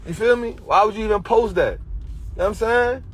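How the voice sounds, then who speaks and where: A man's voice: high voice, a little fast. A man with an Atlanta Black American English accent, giving a preachy finance talk on a livestream in street slang, repeating his points. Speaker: finance educator.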